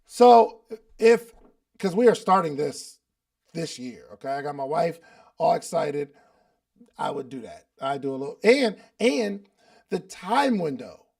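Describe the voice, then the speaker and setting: A man with a raised pitch and a heavy gravelly fry runs a live coaching call. His talk is loose and chatty. He uses slang and repeats lines to drive a point home. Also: very animated, a little slow, a little mellow. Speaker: podcast host and business coach. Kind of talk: casual coaching talk at a live online meeting.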